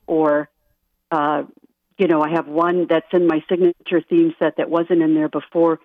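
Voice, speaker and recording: A woman guest on a radio interview, a life coach, talking softly and earnestly and laughing lightly now and then. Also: low-pitched, fairly even intonation, normal speed, no echo. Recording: dry tinny phone-line sound.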